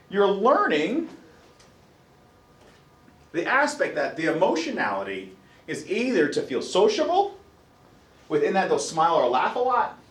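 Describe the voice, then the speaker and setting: A man's voice: high voice, distant mic. A man lecturing a college psychology class, telling stories, acting out his own reactions and quizzing students. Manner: lively storyteller, acts out his own reactions, asks the class questions. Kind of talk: animated classroom lecture with anecdotes. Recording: echoey classroom.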